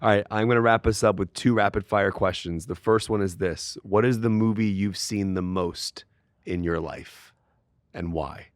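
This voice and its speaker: A male podcast host asks his questions in an easy, relaxed manner. His voice sits a little low. The recording is dry and close. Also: normal speed, no echo. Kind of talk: casual interview questions.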